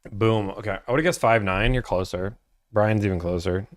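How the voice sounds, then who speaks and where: A man's voice: on the low side, normal speed, no echo. A young man hosting a casual livestream, reading viewer chat aloud and answering in a laid-back, chatty way.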